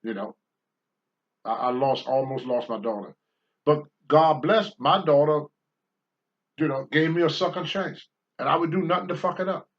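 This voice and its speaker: A man's voice: fairly high pitch, normal speed, pauses often, dull audio. An older man hosting a talk show, answering viewer questions in a blunt, preachy monologue and swearing freely.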